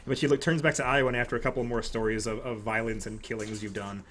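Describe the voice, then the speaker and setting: A man's voice: medium pitch, fairly even intonation, fast talker, a bit bright, slight background noise. A man running a tabletop game as game master, narrating loosely with lots of fillers.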